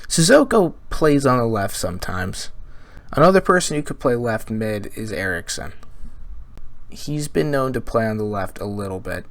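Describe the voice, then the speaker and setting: A man's voice: fairly low pitch, sing-song, moderate pace, dry recording. A man casually previewing a football match on his vlog, joking and rambling. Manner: jokey, rambling, asks viewers questions. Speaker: football fan vlogger.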